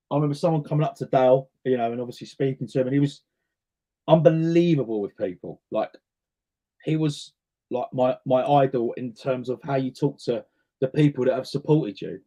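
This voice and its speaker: A chatty man, answering interview questions in a relaxed, storytelling way. His voice sits at a middling pitch for a man, and he often repeats a word or two while he gathers his thoughts. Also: moderate pace, pauses often. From North West London. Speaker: interview guest, singer and actor. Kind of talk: casual interview chat.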